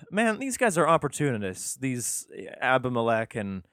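A man's voice: medium pitch, big pitch swings, a little slow, a bit bright, no echo, studio quality. A man reading scripture aloud, breaking off for sarcastic, profane and exasperated comic asides. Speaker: host reading scripture with commentary. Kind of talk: irreverent comic commentary.

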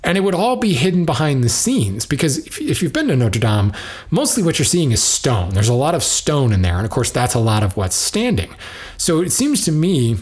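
A man in the lumber business talking through an idea in a loose, musing way. He drifts into side thoughts and circles back as he thinks aloud. His pitch sits in an ordinary middle range. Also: big pitch swings, moderate pace, darkish tone, slightly rough. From United States. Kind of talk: casual spoken commentary.

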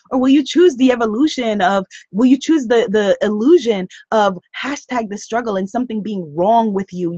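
High-pitched husky woman, emphatic. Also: dry recording. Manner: animated and emphatic, repeats phrases. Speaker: host of a live broadcast. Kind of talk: motivational live-stream talk. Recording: dull lo-fi dry stream audio.

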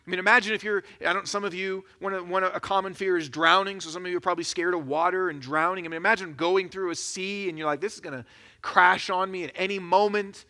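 A man preaching a sermon as a pastor, in a conversational, animated storytelling manner. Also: sits high, quick pace, hardly any pauses.

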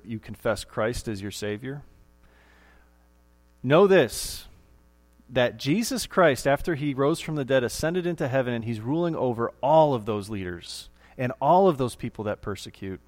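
Male pastor, mid pitch, preaches with emphatic repetition in a church. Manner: emphatic, repeats key phrases, rises for emphasis. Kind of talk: sermon.

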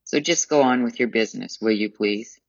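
A man's voice: medium pitch, a little fast, creaky, no echo, dull audio, close to an everyday voice. A man reading an audiobook memoir, voicing a composed, insistent woman customer who is polite but commanding. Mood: calmly insistent.

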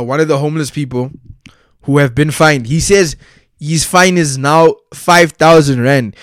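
A young man with a South African accent rants in a loud, slang-heavy and profane way, his voice sitting a bit high for a man. The sound is dry and close, with no room around it. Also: no echo. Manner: profane, heated, slangy rant. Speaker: commentator. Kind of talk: casual solo commentary.

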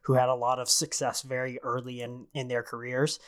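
A man who is a guest on a podcast, talking in an easygoing, relaxed casual chat. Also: medium pitch, brisk, clean tone. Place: at home in Dallas, remote call.

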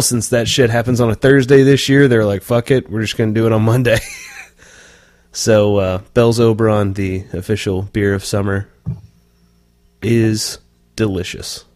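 A man's voice: medium pitch, a little mellow. A man from North Texas hosting a casual beer podcast, laid-back and joking, swearing casually. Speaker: podcast host.

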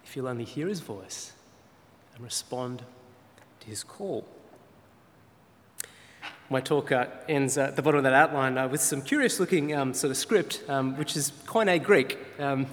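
A man preaching a sermon in an earnest way, often pausing with fillers as he explains. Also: mid-range voice, a bit bright, a little hiss or hum. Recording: reverberant hall sound.

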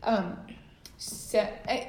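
A woman in her forties tells her own story as an interview guest. She is animated and acts out the letters she quotes, and her voice sits in a roomy, echoey space. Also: drawn-out words. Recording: roomy echo.

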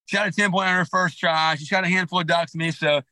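A man with a bright, forceful voice on a podcast mic tells a long story, rambling and restarting as he goes. His delivery is animated and lively, and his speech sits a little high for a man. The sound is dry and close. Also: fast, dry recording, low-quality recording. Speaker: podcast guest, clothing company founder. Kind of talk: casual storytelling interview.

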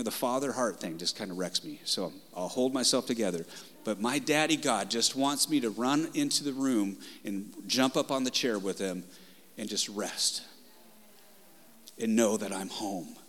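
A man's voice: mid-range voice, lively intonation, moderate pace, big-room sound. Passionate male pastor preaching. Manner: passionate, conversational, swings loud and soft. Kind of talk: sermon. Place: church sanctuary.

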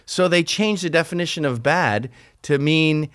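A man's voice: on the high side, moderate pace, fairly bright tone, dry recording, studio quality. A man hosting a casual, opinionated chat, talking sarcastically and acting out mocking quotes. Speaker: podcast host.

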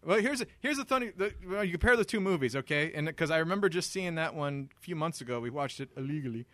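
A man co-hosting a podcast, trading crude jokes in casual banter and breaking into loud laughs. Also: fairly high pitch, fast, no echo. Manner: animated, laughing, loud bursts. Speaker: podcast co-host.

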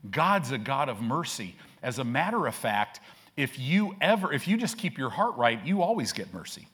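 A man preaching a fervent sermon in a church, building to loud, emphatic peaks. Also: mid-range voice, sing-song, normal speed, slightly rough. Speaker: pastor. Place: church sanctuary.

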